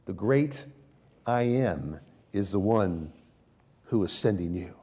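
A man preaching a sermon, swinging from hushed, drawn-out phrases to raised, emphatic declarations. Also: on the low side, slightly rough.

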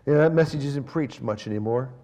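A man preaching a sermon, swinging between raised, emphatic preaching and hushed, near-whispered lines, with slow, stressed lists. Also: medium pitch. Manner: slow, emphatic delivery of lists and repeated phrases. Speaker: pastor.

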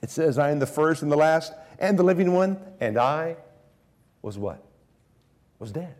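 A man preaching a sermon, swinging from hushed, drawn-out phrases to raised, emphatic declarations. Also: a little high, lively intonation.

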